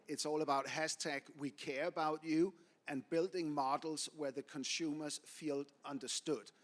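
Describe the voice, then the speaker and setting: A man's voice: fairly high pitch, a bit bright. A man speaking on an industry panel, blunt and opinionated, driving his points home with anecdotes. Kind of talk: panel discussion.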